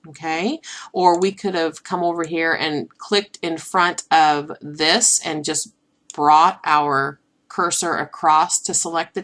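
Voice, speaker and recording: Woman with a low voice teaching software. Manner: relaxed, thinks aloud with many ums and restarts. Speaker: instructor. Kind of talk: software tutorial screencast.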